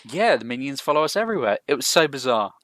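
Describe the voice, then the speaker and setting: A man's voice: mid-range voice, sing-song, fast, fairly bright tone, dry recording. A man co-hosting a podcast, telling chatty anecdotes and leading the news segment. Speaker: podcast co-host. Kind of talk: casual chat.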